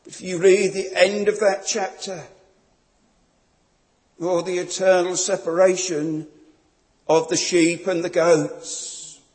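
A man's voice: sits high, level tone, slow pace, long pauses, a little mellow. A man preaching a sermon in a solemn, emphatic way, building each point through repeated phrases. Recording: long reverb of a large hall.

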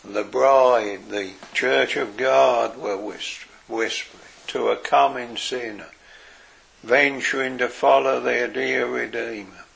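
A man preaching a sermon in an earnest way, dropping his voice softly for quoted words. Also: medium pitch, fairly even intonation, gravelly. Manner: slow, earnest preaching with soft, quiet quoted phrases.

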